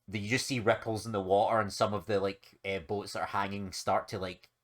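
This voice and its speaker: A man co-hosting a podcast, explaining things in a rambling, halting way during casual chat. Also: fairly low pitch, flat delivery. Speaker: podcast co-host.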